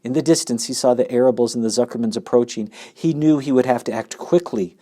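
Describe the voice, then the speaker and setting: Expressive male storybook narrator. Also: mid-range voice, quick pace. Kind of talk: storybook reading aloud.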